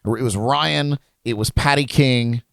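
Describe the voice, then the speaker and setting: A man's voice: mid-range voice, measured pace, vocal fry, fairly bright tone, clean tone, no echo, clean studio sound. A man hosting a podcast, laid-back, laughing easily and chiming in with short replies. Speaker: podcast host. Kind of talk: casual podcast chat. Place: studio lounge.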